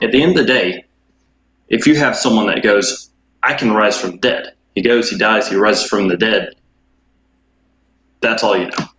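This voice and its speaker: Lowish-voiced dude, thoughtful and skeptical, roomy echo and a faint hiss. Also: male voice, a bit bright. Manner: questioning, thoughtful, hedging. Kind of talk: casual conversation. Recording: echoey room with faint background noise.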